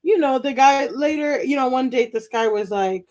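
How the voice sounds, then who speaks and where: High-voiced woman doing rambling stand-up. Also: normal speed, hardly any pauses. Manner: rambling, breaks into laughter, loud shouted punchlines. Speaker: stand-up comedian. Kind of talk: stand-up set over a video call. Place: home during quarantine. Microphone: video call.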